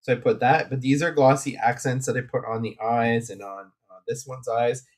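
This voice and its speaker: Casting male craft streamer, mid-pitched, rambling and chatty, casual live talk. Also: steady tone, moderate pace. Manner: rambling and chatty, with many fillers and asides.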